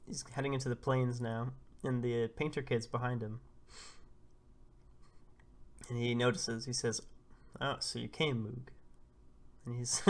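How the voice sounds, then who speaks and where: A man casually narrating a comic chapter live, reacting and laughing as he goes. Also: mid-range voice. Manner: animated, laughs often, blurts out reactions. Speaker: comic readthrough host.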